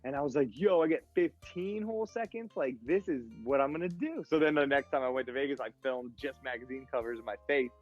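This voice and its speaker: A man, a guest on a podcast, telling stories in a casual, animated way and acting out the voices of other people. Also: mid-range voice, fast talker, few pauses, muffled recording, soft background music. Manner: animated storyteller, acts out voices in quotes. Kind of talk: casual storytelling chat.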